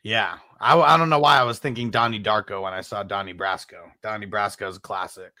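A man's voice: on the low side, fairly even intonation, a little fast, pushed and bright, no room sound, clean studio sound. A man hosting a casual podcast, swearing often and reading viewer comments aloud. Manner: laid-back, heavy swearing, reads out viewer comments. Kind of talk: casual chat.

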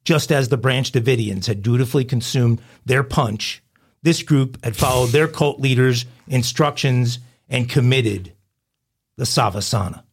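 A man's voice: medium pitch, measured pace. A man co-hosting a crime podcast, reading a comic news story aloud in a mock-dramatic storytelling manner. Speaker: podcast co-host.

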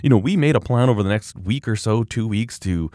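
A middle-aged man hosts his own podcast in a low voice, telling a story in a loose, rambling way. He restarts often and pokes fun at himself. The sound is close and dry, with no room around it. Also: animated, fairly quick, mellow, dry recording. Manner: rambling, self-deprecating, frequent restarts and laughs. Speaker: podcast host. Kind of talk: casual storytelling monologue.

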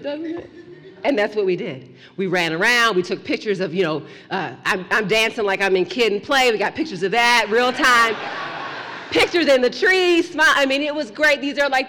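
A woman telling a story to an audience in an animated, playful way, dropping to a hush for suspense. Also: a little high, normal speed, in a large hall. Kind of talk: lively storytelling talk.

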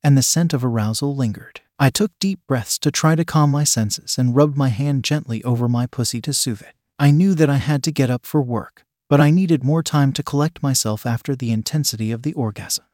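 A man narrating a scripted erotic story in a slow, even and intimate reading style. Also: mid-range voice, no room sound, studio quality.

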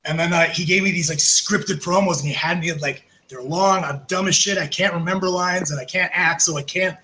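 A man's voice: sits high, a little fast, rough recording. A man guesting on a podcast, telling backstage stories in a loose, profane way, full of fillers. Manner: animated, profane, lots of fillers. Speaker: podcast guest, former wrestler. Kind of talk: casual storytelling.

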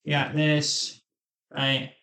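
A man's voice: fairly high pitch, completely flat delivery, very slow, pushed and bright. A man doing a rambling comic monologue, joking and sarcastic. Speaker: comedic host.

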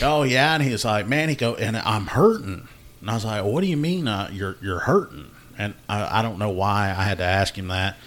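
A man's voice: fairly low pitch, a bit bright. A man, hosting a casual podcast and telling a work story about a call-out, laughing often and acting out what people said. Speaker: podcast host, law enforcement officer.

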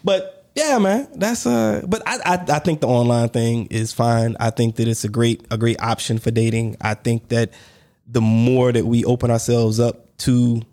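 A man co-hosting a casual podcast, telling a story with lively pitch swings and acted-out quotes. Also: moderate pace. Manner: animated storyteller, acts out quoted voices, laughs between lines. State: on crutches. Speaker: podcast co-host.

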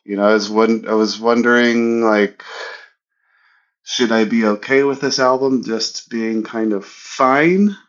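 A man's voice: medium pitch, measured pace, lo-fi sound. A man from the United States on a casual podcast, thinking aloud in a hesitant way. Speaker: podcast co-host.

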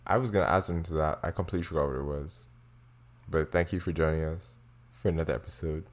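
A young man with an extremely deep, low-pitched voice co-hosting a casual podcast. He talks in a laid-back way, slipping in dry jokes. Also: steady tone, fast. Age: young adult. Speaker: podcast co-host. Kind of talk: casual chat.

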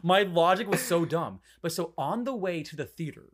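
A man's voice: a little high, lively intonation, moderate pace, crowd noise. A young man hosting a podcast, telling a candid personal story in casual chat, swearing freely and acting out what others said. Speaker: podcast host.

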